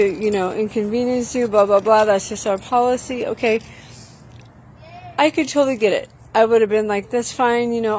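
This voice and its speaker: A middle-aged woman telling a story in a casual chat, animated, acting out quotes with lots of fillers. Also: on the high side, a little hiss or hum, low-quality recording. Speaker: vlog host. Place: outdoors, walking.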